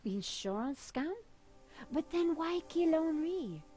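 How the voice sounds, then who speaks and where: A woman's voice: high voice, lively intonation, takes it slowly, dark tone, faint music behind. A level-headed female sleuth. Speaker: game co-investigator. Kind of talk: video game voice acting.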